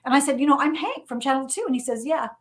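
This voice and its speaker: A middle-aged woman, a journalist and novelist, telling lively anecdotes as an interview guest and repeating phrases for emphasis. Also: high voice, quick pace, a crowd in the background. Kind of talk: conversational storytelling interview.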